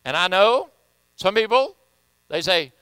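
A man's voice: sits high, lively intonation, a little slow, sharp tone, clear, resonant tone, dry recording, rough recording. A man with a Southern US accent preaching a sermon as pastor, folksy and joking, often repeating himself.

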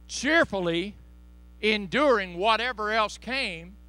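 A man preaching a sermon to his congregation in church, impassioned and folksy, swinging between loud exhortation and hushed asides. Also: mid-range voice, animated, measured pace. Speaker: pastor.

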